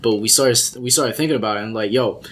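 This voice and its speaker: A man co-hosting a podcast, chatting casually with animated restarts. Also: lowish voice, quick pace. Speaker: podcast co-host. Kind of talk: casual chat.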